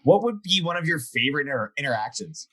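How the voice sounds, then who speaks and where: A man's voice: fairly high pitch, sing-song, fast, bright, forceful tone, breathy edge. A man hosting a podcast interview, asking questions and responding with short, encouraging reactions. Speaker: podcast host.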